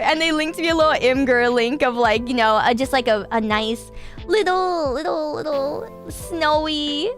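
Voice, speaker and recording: A woman's voice: high voice, normal speed, music in the background. A woman hosting a casual stream show, chatting and reading listener stories while gushing and laughing often. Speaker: streamer hosting a call-in style radio show.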